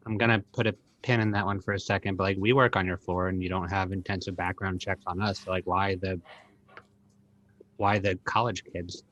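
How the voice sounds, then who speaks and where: A man playing a tabletop role-playing game, asking quick questions with stumbling restarts. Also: low-pitched, flat delivery, a bit bright, muffled recording. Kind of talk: casual in-character banter.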